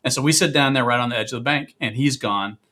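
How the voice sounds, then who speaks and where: Bright-voiced man telling an animated story. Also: mid-range voice, fast. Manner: animated, acts out quoted voices loudly. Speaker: podcast guest. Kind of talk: casual storytelling.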